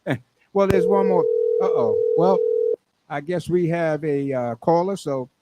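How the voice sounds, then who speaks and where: A man's voice: fairly high pitch, measured pace, heavy background noise. A man hosting a radio show, rambling and laughing at his own jokes. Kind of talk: radio talk and joke telling. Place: radio studio.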